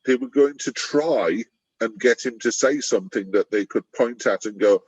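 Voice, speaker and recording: A man's voice: normal speed, darkish tone, slightly rough, dry recording. A man talking through a Bible passage in a casual discussion, rambling and acting out the quotes in a jumped-up voice. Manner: rambling, acts out quotes with sudden high pitch. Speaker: church discussion partner. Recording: dull lo-fi sound.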